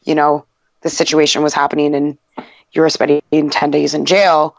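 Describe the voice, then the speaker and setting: A woman's voice: low voice, little pitch movement, normal speed, creaky, no room sound, lo-fi sound. A woman in casual podcast chat, telling a story frankly and swearing freely.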